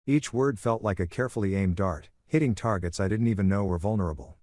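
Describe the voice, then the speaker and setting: Low-voiced man narrating a story. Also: quick pace, hardly any pauses, darkish tone, no room sound, studio quality. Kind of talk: scripted first-person story narration.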